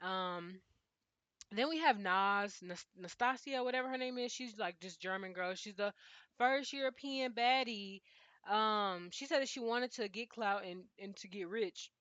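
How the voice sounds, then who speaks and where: A chatty woman talks through a show recap in a loose, offhand way, leaning on fillers and restarts. Her voice sits at an ordinary middle pitch. The sound is close and dry, a little dull and muffled. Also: moderate pace, hardly any pauses, fairly bright tone, no room sound. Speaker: reality show recap vlogger. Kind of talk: casual chat.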